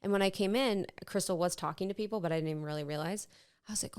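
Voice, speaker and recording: A woman's voice: on the low side, fast talker, darkish tone, clear, resonant tone. A woman, co-hosting a podcast in casual chat, laughing often and acting out quotes. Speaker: podcast co-host.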